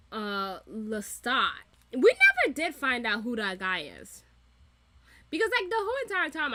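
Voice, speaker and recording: A young woman hosting a casual reaction video, animated and profane, laughing often as she rants. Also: fairly high pitch.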